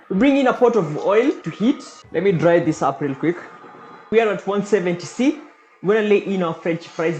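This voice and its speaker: A goofy woman narrates her cooking vlog, her voice swinging high and low with big bursts of excitement. She clowns around as she talks through each step, with faint music behind her. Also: a little fast. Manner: goofy, exaggerated and enthusiastic, with sudden loud outbursts. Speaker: cooking vlogger.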